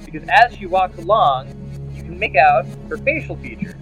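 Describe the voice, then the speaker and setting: A man's voice: high-pitched, animated, moderate pace, fairly bright tone, faint music behind, poor audio. A man narrating as game master of a tabletop role-playing game, telling the story with many fillers and restarts.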